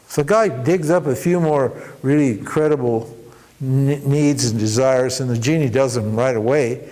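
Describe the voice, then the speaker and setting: A man teaching at a spiritual workshop, telling a parable with animated delivery and frequent restarts. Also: medium pitch, normal speed. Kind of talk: storytelling in a workshop talk.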